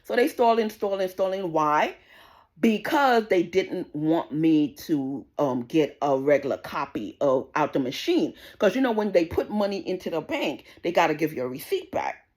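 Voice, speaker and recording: Vlogger type: a fired-up New woman, lower-pitched, repeats herself and swears as she vents. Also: lively intonation, normal speed, a little mellow. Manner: indignant, swearing, repetitive storytelling. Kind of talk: casual rant to camera.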